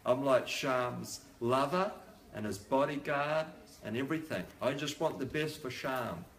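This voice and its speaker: A man voicing the goddess Radha in a sermon, a gentle, protective figure who fondly scolds eager devotees. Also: medium pitch, measured pace, lightly acted. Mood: tender. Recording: echoey room.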